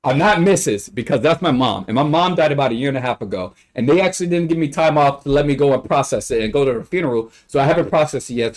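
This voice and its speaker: A fretful older woman professor, pleading and hurried, put on by a man retelling a story. Her voice stays close to an ordinary speaking tone. She sounds rushed and pleading rather than theatrical. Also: on the high side, natural voice.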